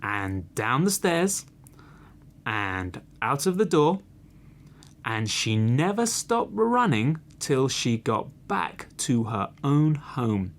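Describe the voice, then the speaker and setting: A man narrating a children's storybook in an expressive, deliberate read. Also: mid-range voice. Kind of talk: slow storybook reading.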